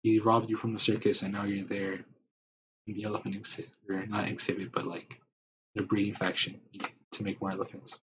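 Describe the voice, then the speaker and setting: A man with a low, flat voice improvises a rambling tale in the second person, full of fillers. The recording is dull and lo-fi, with a faint hiss under it. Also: brisk, breathy edge. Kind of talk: improvised spoken story.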